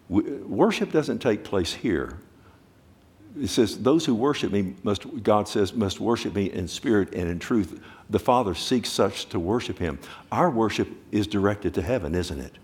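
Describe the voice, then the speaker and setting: A man with a somewhat low voice delivers a sermon. He swings from hushed, quickened asides to loud, drawn-out exclamations. He keeps asking his listeners questions. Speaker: preacher.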